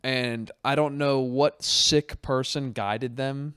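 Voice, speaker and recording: A man's voice: mid-range voice, takes it slowly, smooth, no room sound, clean studio sound. A young man, a stand-up comic co-hosting a podcast, telling stories in casual comedic chat and acting out the voices of the people in them. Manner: animated storyteller, acts out quoted voices.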